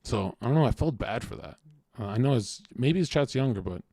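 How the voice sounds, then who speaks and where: A man's voice: mid-range voice, expressive, fairly quick, mellow, no room sound. Guy streaming and ranting at chat, cursing nonstop, dead dry mic. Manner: profane, taunting his chat. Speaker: livestream host. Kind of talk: casual livestream rant.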